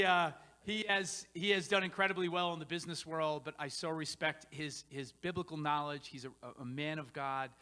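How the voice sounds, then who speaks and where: In a church sanctuary with the sound of a large hall, a man preaches to a congregation as a pastor hosting a church panel. His slightly high voice delivers an informal, sermon-style talk that's energetic and rambling, with restarts and asides.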